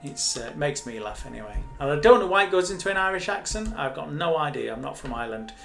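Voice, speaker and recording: A man's voice: on the high side, expressive, fast, vocal fry, a bit bright, faint music behind. Chatty man hosting a live stream. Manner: chatty, rambling, self-mocking. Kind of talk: casual live-stream chat.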